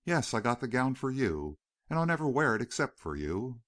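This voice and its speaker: A man reading the lines of a poised, sharp-tongued young Eastern woman in an audiobook, with blunt, quick retorts. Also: medium pitch, big pitch swings, no echo, clean studio sound, pitched above the performer's own voice.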